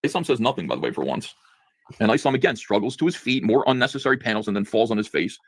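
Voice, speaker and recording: A man giving a sarcastic, indignant comic book review with rapid-fire commentary. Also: fairly low pitch, sing-song, no echo.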